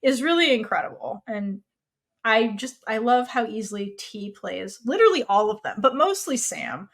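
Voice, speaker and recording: A woman co-hosting a podcast in casual chat, retelling scenes with lively acted-out lines and casual swearing. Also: on the high side. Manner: animated, acts out characters' lines in quick voices. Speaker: podcast co-host. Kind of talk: casual chat recapping a TV series.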